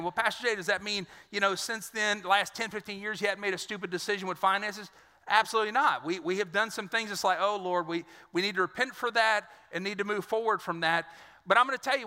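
A man's voice: high voice, bright, forceful tone, long reverb tail. A male pastor preaching a sermon in an earnest, conversational way, often repeating words as he goes.

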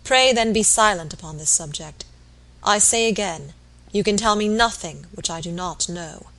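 A woman reading aloud as an earnest young gentleman, formal and firm, pleading with a sick man. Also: mid-range voice, animated, moderate pace, rough recording. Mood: earnest plea.

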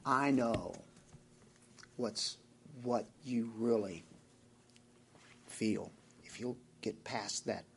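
A man's voice: a little high, breathy edge. A man with a Southern US accent who preaches a sermon as pastor, asking his congregation direct questions.

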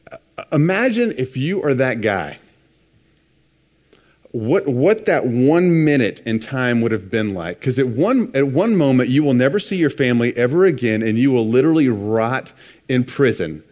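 A man's voice: medium pitch, a little mellow. A man preaching a conversational sermon, retelling scripture with casual asides. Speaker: pastor.

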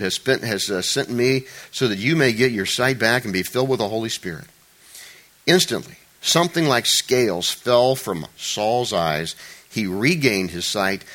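A man's voice: medium pitch, fairly bright tone. A middle-aged man preaching a sermon, reading scripture aloud with acted-out voices and asides, often chuckling. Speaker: pastor.

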